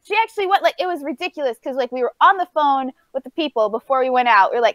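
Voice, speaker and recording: High-voiced woman telling a story, dry sound. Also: fast, hardly any pauses, no room sound, dull audio. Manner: animated storytelling with laughs and acted-out quotes. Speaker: podcast co-host. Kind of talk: casual chat, telling a story.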